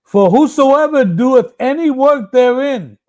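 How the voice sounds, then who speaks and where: A man reading Bible verses aloud in a slow, deliberate way during a study session. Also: extremely high pitch, lively intonation, a little mellow. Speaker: scripture reader.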